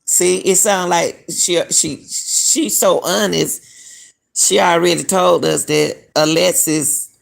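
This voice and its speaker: A woman's voice: on the low side, steady tone, takes it slowly, vocal fry. A middle-aged woman hosting a casual live-stream, talking to viewers as "y'all" and questioning what she reads. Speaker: commentary channel host.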